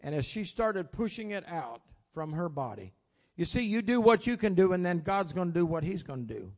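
An older man with grandchildren preaching a sermon, telling folksy stories and swinging from loud exclamations to quiet asides. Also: high voice, sing-song, moderate pace. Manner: folksy storytelling with plain southern-style grammar.

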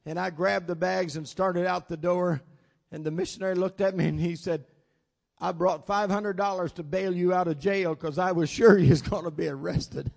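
An older man with grandchildren preaching a sermon, telling folksy stories and swinging from loud exclamations to quiet asides. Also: high-pitched, steady tone, moderate pace, creaky. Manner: folksy storytelling with plain southern-style grammar.

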